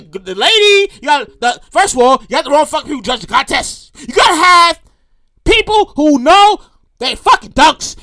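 High, animated woman ranting. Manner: animated, profane, acts out quotes. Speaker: show host. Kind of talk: casual commentary rant.

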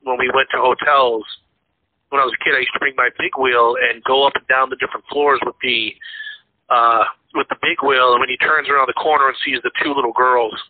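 A man's voice: mid-range voice, steady tone, brisk, no echo. Rambling man on a tinny line. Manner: rambling, many fillers and restarts. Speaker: podcast co-host. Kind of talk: casual movie chat.

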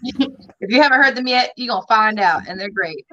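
A woman with a Southern accent, co-hosting a radio show in casual, fast chat and laughing often. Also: medium pitch, expressive, a bit bright, lo-fi sound.

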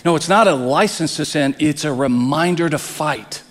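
A man's voice: on the high side, normal speed, a bit bright, in a large hall. A man preaching a sermon as pastor, earnest, often repeating words as he presses a point.

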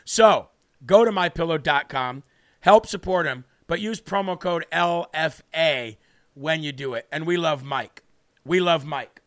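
A man's voice: a little high, measured pace, fairly bright tone, no echo, clean studio sound. A man hosting an American political talk show, combative and ranting at times. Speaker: show host.

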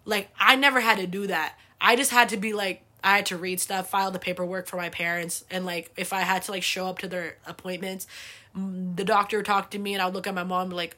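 A young adult woman hosting a podcast, telling animated, profane, laughing family stories in a casual way. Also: on the low side, fast talker. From United States. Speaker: podcast host. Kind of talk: casual storytelling.

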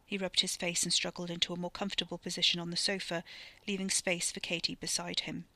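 A woman narrating a story podcast in a steady storytelling manner. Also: fairly low pitch, fast, dry recording.

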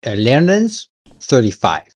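Hesitant low-voiced man explaining game rules. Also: wildly swooping pitch, a little slow, darkish tone, no echo. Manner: patient, hesitant with many fillers. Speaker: game master.

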